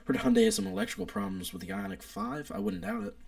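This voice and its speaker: A man's voice: high-pitched, wildly swooping pitch, fast, creaky. A young man, hosting a casual live stream, opinionated and rambling as he reads chat aloud. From United States.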